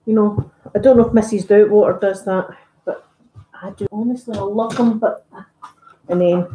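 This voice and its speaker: Scottish woman, ASMR creator doing casual live-stream chat while ironing, warm relaxed tone, echoey room. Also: medium pitch, moderate pace, slight background noise. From Scotland. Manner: chatty, rambling, self-deprecating. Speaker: ASMR YouTuber. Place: at home, ironing.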